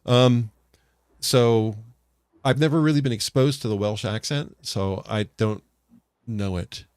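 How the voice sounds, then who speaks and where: A man's voice: mid-range voice, a little slow, darkish tone, clean tone, no room sound, clean studio sound. An American man co-hosting a casual podcast chat. He rambles, often correcting himself and restarting his sentences. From United States. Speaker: podcast co-host.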